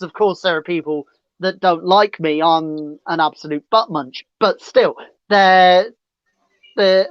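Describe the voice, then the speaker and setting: A man's voice: high voice, clear, resonant tone, no room sound. A man chatting as a guest entertainer on a podcast, chatty and self-deprecating about himself. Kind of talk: casual podcast chat. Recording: dull lo-fi sound.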